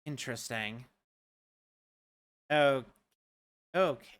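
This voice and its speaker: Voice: mid-range voice, takes it slowly, a bit bright, clear, resonant tone, dry recording. A streamer chatting casually and rambling while playing a game at a home setup. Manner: rambling, joking aside-talk. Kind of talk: casual gameplay chat.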